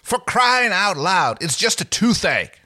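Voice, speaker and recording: A man's voice: medium pitch, very animated, sharp tone, no room sound, studio quality. A man voicing an exasperated young male astronaut who fires back sarcastic, incredulous replies. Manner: incredulous, defensive, quick comebacks.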